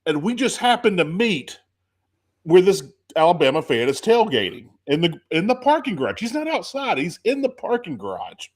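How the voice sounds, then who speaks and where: A man hosting a casual chat, telling a lively story and acting out quotes. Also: sits high, normal speed. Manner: animated storyteller, acts out quotes. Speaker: podcast host.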